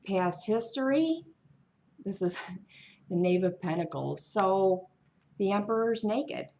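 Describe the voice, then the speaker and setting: A woman's voice: medium pitch, animated, takes it slowly, a little mellow, a little hiss or hum. A woman reading tarot cards alone on her channel, musing in a wandering, offhand way. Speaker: tarot reader. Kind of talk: casual tarot reading monologue.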